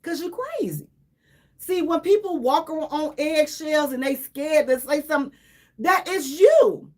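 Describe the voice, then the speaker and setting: A woman radio host giving casual, animated commentary, emphatic and repeating herself for effect, with laughs between lines. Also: high voice, measured pace.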